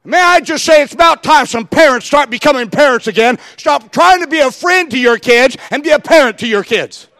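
A man preaching a fiery sermon, shouting for emphasis and acting out quoted dialogue. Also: very high-pitched, lively intonation, fairly quick, few pauses, no room sound, studio quality, big-room sound. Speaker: pastor.

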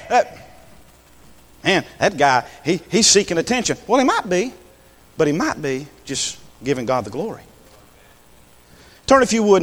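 Fiery preacher in a reverberant church. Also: male voice. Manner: impassioned, swings from low talk to high shouts. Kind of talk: sermon. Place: church sanctuary.

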